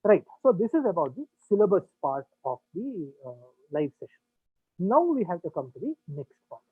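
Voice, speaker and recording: A man lectures a coaching class, walking through the material with many fillers and questions to his students. His voice is somewhat high and husky. It comes through a tinny, dry, phone-like line with faint music underneath. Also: big pitch swings, moderate pace, no echo. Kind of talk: online lecture.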